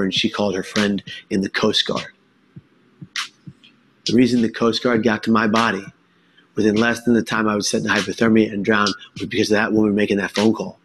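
A man giving an earnest, emphatic personal testimony talk, with dramatic pauses. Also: on the low side, a bit bright, slight background noise. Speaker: speaker sharing his story.

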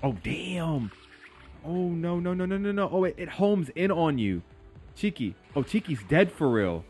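Young male gaming YouTuber, excitable slangy live commentary, very lively pitch, light music bed. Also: unhurried, husky. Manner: excitable, slangy, yelps and talks to his pet creature. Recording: faint game music behind.

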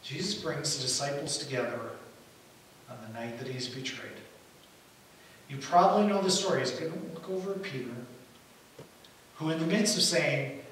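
A man preaching a sermon as pastor, telling the story in an animated way and acting out the quotes. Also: on the high side, normal speed, long pauses. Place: church hall. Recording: echoey hall from far off, faint hiss.

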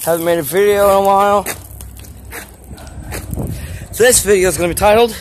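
A man's voice: sits high, fairly even intonation, fairly quick, pauses often. A teenage boy vlogging on his phone as he walks outside, rambling in a goofy, self-mocking way with random asides. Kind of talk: rambling walk-and-talk vlog. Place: outdoors, streets and an alley. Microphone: handheld phone. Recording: phone audio with traffic noise.

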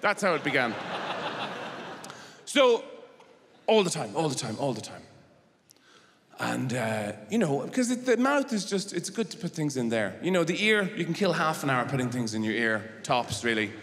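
A man doing a stand-up comedy routine in a rambling, deadpan way, bursting into shouted silly voices. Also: on the high side, moderate pace. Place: large theatre stage. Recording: live hall with audience noise.

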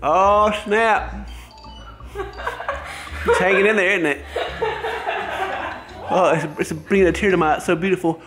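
A man with a high, steady voice talks a little slowly, leaving long pauses, while loud music plays. He's vlogging at home indoors in a casual, playful family vlog, cracking jokes and humming silly sound effects.

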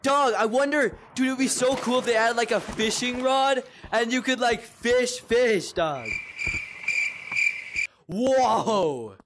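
A young man chatting casually while playing a game, excitable and repeating himself as he exclaims. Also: very high voice, slow, noisy background. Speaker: gaming video creator. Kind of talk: casual gameplay chat.

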